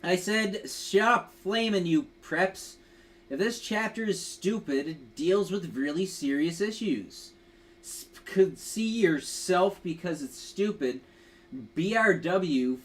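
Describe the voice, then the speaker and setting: A man's voice: high voice, animated, slow. A young man hosting a casual livestream, rambling and joking while drinking, reading a fanfic aloud mockingly. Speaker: livestream host.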